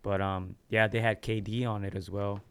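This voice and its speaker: A man's voice: fairly low pitch, flat delivery, fairly bright tone, a little hiss or hum. A man hosting a boxing podcast in casual chat, easygoing, with lots of ums and easy laughs. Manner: easygoing, fills pauses with um, laughs easily. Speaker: podcast host.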